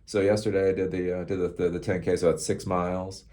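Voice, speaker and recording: A man's voice: low-pitched, little pitch movement, fast, dark tone. A middle-aged man hosting a casual, rambling tech commentary show, sarcastic and laughing at his own jokes.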